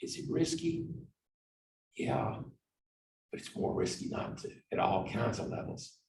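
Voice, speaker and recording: A man giving a storytelling presentation on negotiation, swinging between loud emphasis and quiet asides. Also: low-pitched, lively intonation, measured pace, creaky, background noise. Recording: echoey room, distant mic.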